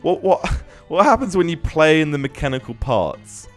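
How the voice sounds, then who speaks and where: A man's voice: a little high, big pitch swings, moderate pace, faint music behind. A young man casually commenting on a life-simulation game as host, often laughing and exclaiming at what happens on screen. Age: young adult. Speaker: gaming channel host.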